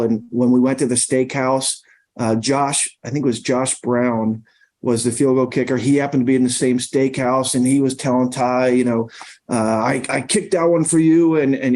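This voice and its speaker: This middle-aged man is a podcast guest with a mellow, medium-pitched voice. In casual conversation he spins long anecdotes that ramble, packed with fillers and restarts.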